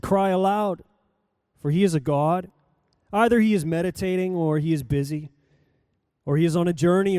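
A man reads a scripture passage from the pulpit with dramatic swells and hushes. His voice sits a little high but sounds mellow and smooth. The sound is close and dry. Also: no room sound. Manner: dramatic reading, voice rising and falling with the story. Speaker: pastor. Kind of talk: sermon scripture reading.

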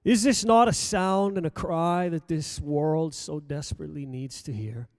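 Reading scripture aloud during a sermon, a man with a slightly mellow voice speaks slowly and deliberately, rising for emphasis and sinking low at phrase endings. The recording is dry and of studio quality.

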